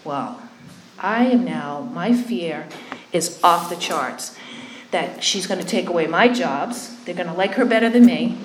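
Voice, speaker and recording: A woman's voice: medium pitch, slight background noise. Candid woman sharing her story, echoey room. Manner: conversational, keeps checking in with "right?"; candid and self-deprecating. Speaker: speaker sharing a recovery story. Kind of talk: personal testimony talk.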